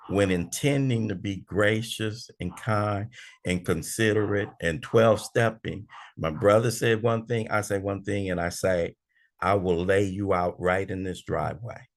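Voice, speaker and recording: Older man, sixties, gravelly low voice, animated preacherly recovery-meeting speaker acting out his own arguments. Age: 60s. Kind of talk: animated big book study talk.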